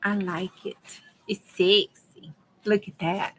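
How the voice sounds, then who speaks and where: A woman's voice: medium pitch, flat delivery, slow pace, fairly bright tone, slight background noise. A middle-aged woman, chatting to her viewers in a folksy way while she works on a craft project. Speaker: craft vlogger. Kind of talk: casual chat while crafting.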